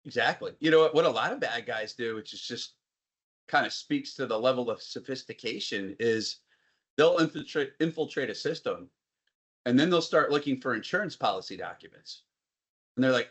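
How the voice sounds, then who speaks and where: A man talking casually as a webinar guest, with a middle-pitched voice. He is chatty and lively, slipping into quoted voices as he makes his points. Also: moderate pace, slightly rough. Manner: chatty, animated, acts out quotes. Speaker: guest, IT business owner.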